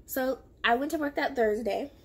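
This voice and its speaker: A woman's voice: high-pitched, moderate pace, slightly rough. A young woman casually telling a story from her own past, acting out the lines of the people in it. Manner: animated and confrontational, acting out quoted lines. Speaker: storyteller vlogger.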